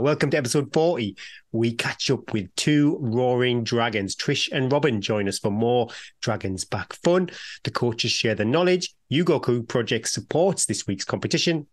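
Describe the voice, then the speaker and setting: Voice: mid-range voice, moderate pace. A podcast co-host of unclear sex, chatting casually, laughing often and stumbling over sentences. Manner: laughing, self-deprecating, stumbling. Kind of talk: casual chat.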